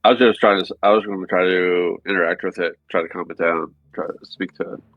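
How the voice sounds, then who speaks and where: A man's voice: low-pitched, steady tone, fast talker, dry recording, phone-quality sound. A man playing a tabletop game, joking and rambling with restarts. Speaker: player. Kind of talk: casual game talk over voice chat.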